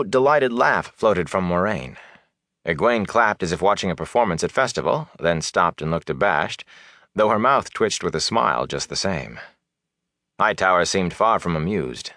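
Deep-voiced male audiobook narrator. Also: no room sound, clean studio sound. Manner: measured, steady storytelling. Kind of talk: scripted fantasy narration.

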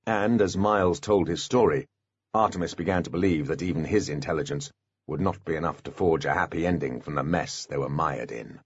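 A man narrating an audiobook in a scripted, expressive storytelling manner. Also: very deep voice, fairly quick, breathy edge, no room sound, highs cut off.

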